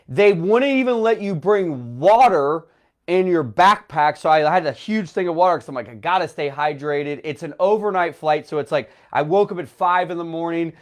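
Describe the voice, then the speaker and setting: A man's voice: a little high, expressive, normal speed. Emotional young man rambling through a story. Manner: rambling, filler-heavy, emotional retelling. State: tearful, runny nose. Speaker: travel vlogger. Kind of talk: personal storytelling to camera.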